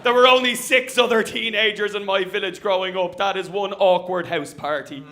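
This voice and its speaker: A young Irish man performing stand-up in front of a live crowd, his voice sitting very high for a man. He lands each bit with a quick tag line and plenty of self-mockery. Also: steady tone, bright, forceful tone. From Ireland. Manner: punchy, self-mocking, with tag lines. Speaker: stand-up comedian. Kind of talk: stand-up set. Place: comedy venue with live audience.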